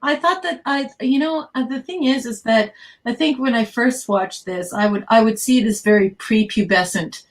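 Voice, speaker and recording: A woman's voice: on the high side, moderate pace. A woman co-hosting a podcast, recapping TV scenes in a chatty way and laughing often. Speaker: podcast co-host. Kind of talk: casual chat reviewing a TV episode.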